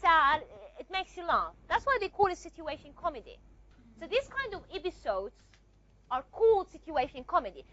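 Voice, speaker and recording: High-voiced woman teaching a lecture. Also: a bit bright, muffled recording. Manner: repeats and asks rhetorical checks, with frequent fillers. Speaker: linguistics teacher. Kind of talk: recorded classroom lecture.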